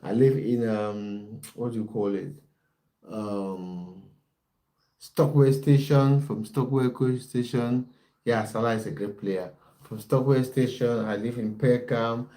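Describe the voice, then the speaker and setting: A man's voice: medium pitch, fairly even intonation, slow, warm tone. A young man, hosting a casual football livestream, chatting with viewers and reading out their comments. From based in the United Kingdom. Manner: chatty, reads out chat comments, restarts often. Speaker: football coach and livestream host.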